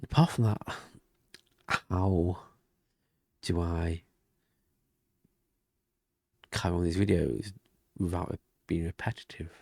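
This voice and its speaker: A man talking quietly and rambling in a casual diary vlog at home, often half-whispering. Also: sits low, steady tone, a little slow, gravelly, no echo. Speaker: vlogger. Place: home room with thin walls. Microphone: desk mic and webcam.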